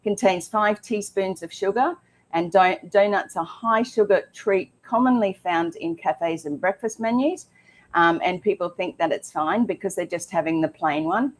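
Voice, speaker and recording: A woman's voice: lowish voice, moderate pace. A woman co-hosting a casual health talk show, chatty and emphatic with frequent ums. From Australia.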